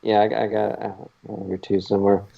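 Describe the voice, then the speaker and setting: A man's voice: on the low side, little pitch movement, fast talker, vocal fry, highs cut off. A man co-hosting a podcast in casual chat. He talks in a laid-back, rambling way with many fillers and chuckles. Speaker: podcast co-host.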